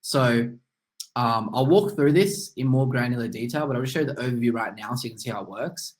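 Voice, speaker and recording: A man's voice: mid-range voice, a little fast, poor audio. A man presenting casually on a video call, explaining steps with many fillers, his mouth numb from a tooth extraction. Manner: relaxed, filler-heavy explaining. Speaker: webinar presenter. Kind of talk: casual screen-share presentation.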